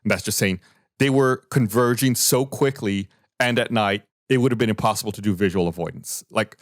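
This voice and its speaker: A man with a somewhat low voice talks through events on a podcast. He explains and reads report findings in a loose, conversational way. The sound is dry and close, with no room around it. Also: a little fast, no room sound. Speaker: podcast host. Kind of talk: casual podcast discussion.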